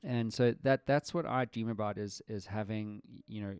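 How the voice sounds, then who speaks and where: A man's voice: fairly low pitch, moderate pace, a little mellow, clear, resonant tone, dry recording, studio quality. A man hosting a casual podcast chat with friends, talking reflectively with restarts. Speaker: podcast host.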